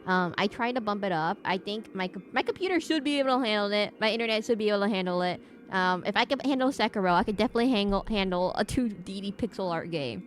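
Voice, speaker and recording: A woman's voice: mid-range voice, fast, a little hiss or hum. Playfully dramatic woman streaming a game. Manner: animated, playfully overdramatic rants. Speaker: VTuber streamer. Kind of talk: casual game-stream commentary.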